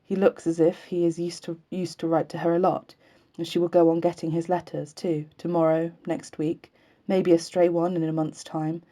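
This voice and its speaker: A woman with a lowish, mellow voice reads a novel aloud. Her delivery is measured and unhurried. Now and then she stumbles and restarts a word instead of cutting the slip out. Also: level tone. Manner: measured, unhurried reading with occasional slips and restarts left in. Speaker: reader.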